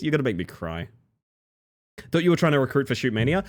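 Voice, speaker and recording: Male streamer, casual and playful; leaps from giddy highs to quiet mumbles while he plays. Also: fast. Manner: playful, reads chat aloud and jokes, swings between excited yelps and low mutters. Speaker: live streamer. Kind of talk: casual live-stream chat while gaming.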